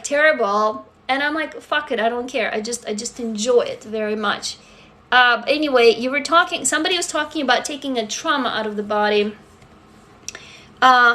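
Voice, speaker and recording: A woman's voice: a little high, sharp tone. A woman in her forties with a faint foreign accent, chatting candidly on a livestream, swearing freely and talking straight to viewers. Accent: foreign, mostly faded. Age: 40s. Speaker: livestream host. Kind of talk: casual live chat answering viewers.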